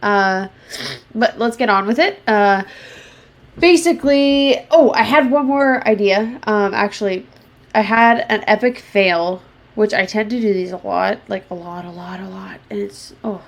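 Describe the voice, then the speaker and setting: Chatty woman podcasting alone. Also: medium pitch. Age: 20s. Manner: chatty, frequent swearing, self-mocking. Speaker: podcast host. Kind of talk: casual solo podcast chat.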